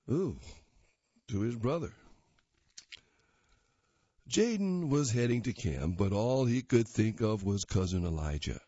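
A man reading a magazine story aloud at a plain, unhurried pace. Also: fairly low pitch, mellow, no echo. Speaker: reader. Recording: dull lo-fi dry recording.

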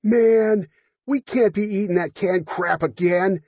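A man's voice: high voice, slow pace, a little mellow, slightly rough, no room sound, dull audio, pitched above the performer's own voice, full character voice. A man voicing a drunk, whiny male accountant who slurs his words. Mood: drunken whining. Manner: slurring, whiny.

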